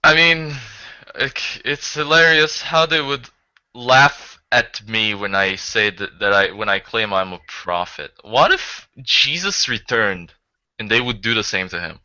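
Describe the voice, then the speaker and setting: Guy with a really bright voice rambling and joking in a group call, dry lo-fi sound. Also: medium pitch, measured pace, clean tone, dry recording. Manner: rambling, joking, laughs often. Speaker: group chat participant. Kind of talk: casual group chat. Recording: dull lo-fi online voice chat.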